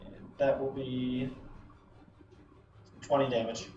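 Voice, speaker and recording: A man playing a tabletop game who talks in a relaxed, laid-back way and calls out his dice rolls. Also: medium pitch, moderate pace, noisy background. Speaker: player. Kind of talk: casual tabletop play. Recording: roomy, distant, muffled call audio.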